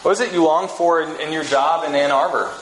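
A man giving a conversational sermon, telling a story with relaxed restarts. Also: on the high side, fairly quick, a little hiss or hum. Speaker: pastor. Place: church sanctuary. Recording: echoey room with faint ambience.

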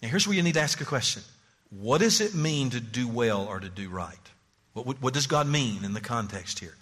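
A male pastor preaching with a lively, swooping delivery and a bright, forceful tone. He presses his points with urgent repetitions, and his voice rolls out into a long church-hall reverb. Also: mid-range voice, brisk, breathy edge. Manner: animated, pleading, emphatic repetitions. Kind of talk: sermon.

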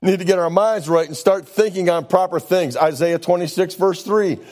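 A man's voice: high voice, normal speed. Folksy preaching man. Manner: preaching with wide swings from loud to hushed; folksy storytelling, says "man" often. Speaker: pastor. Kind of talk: sermon.

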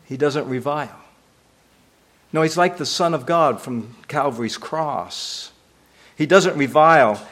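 A man's voice: a little high, measured pace, long pauses, fairly bright tone. A man delivering a sermon as pastor, emphatic and repetitive, asking rhetorical questions.

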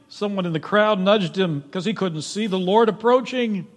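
A man preaching a sermon in a church, emphatic, swinging from loud pleading to hushed, quiet tones. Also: high voice, moderate pace, few pauses. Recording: long reverb of a large hall.

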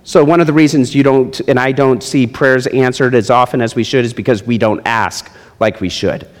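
A middle-aged male pastor delivers a sermon in an animated style, rising to loud, high emphasis and then sinking to low, hushed lines. His voice sits at an ordinary middle pitch for a man. A long reverb trails every phrase, as in a large church hall. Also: normal speed. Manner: animated preaching, swinging between loud high emphasis and low quiet drops.

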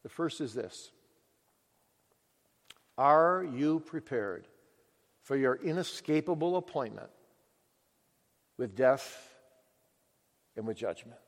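A male preacher giving a sermon with emphatic questions and dramatic pauses. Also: mid-range voice, lively intonation, a little mellow. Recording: long echo of a large hall.

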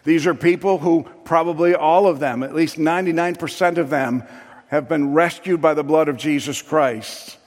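A man preaching a sermon with passion, building to loud emphatic peaks. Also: fairly high pitch, normal speed, in a large hall.

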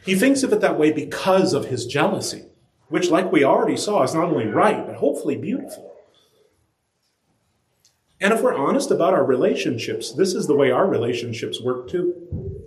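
A man preaching a sermon, lively and animated, acting out quoted voices with his pitch climbing high. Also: moderate pace. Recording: echoey room.

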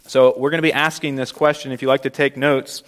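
A man preaching a sermon as pastor, earnest and emphatic, slowing down to stress key words. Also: medium pitch, little pitch movement, fairly bright tone.

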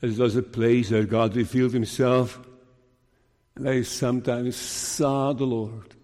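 A man preaching an earnest sermon as minister, with slow deliberate delivery and emphatic rises. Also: mid-range voice, little pitch movement, a little mellow, big-room sound.

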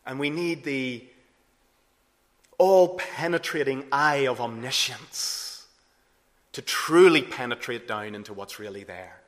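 A man preaching a sermon earnestly, rising to emphatic peaks and then dropping low and soft. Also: slow. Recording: long hall reverb.

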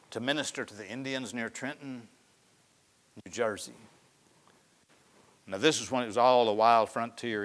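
A man preaching a sermon in a folksy storytelling way, often dropping to soft, hushed tones. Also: medium pitch. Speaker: pastor.

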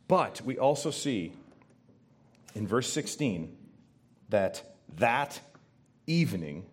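A man preaching a sermon as pastor to his congregation, emphatic and animated, often asking them questions. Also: medium pitch. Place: church before a congregation.

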